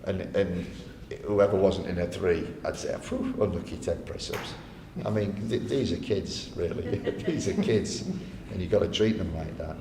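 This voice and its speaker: A guest speaker, male, shares chatty stories live on stage in an arts venue hall, frequently laughing and imitating the people he quotes. He speaks a little slowly with vocal fry, and crowd noise is audible. The recording has hall echo and a faint rumble.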